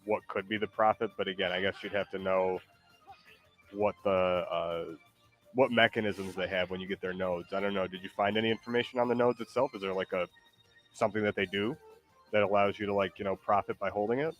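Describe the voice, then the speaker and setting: A man's voice: sits low, fairly even intonation, brisk, dull audio, faint music behind. A man hosting a stream in casual chat, laid-back and hesitant, laughing often and reading chat messages aloud.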